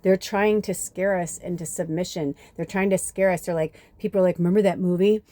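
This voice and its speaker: A woman's voice: on the low side, fairly even intonation, brisk, mellow, dry recording. A woman spiritual reader in a casual, rambling monologue, swearing often and saying "like" a lot, recorded on a phone. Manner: rambling, frequent swearing, many "like"s.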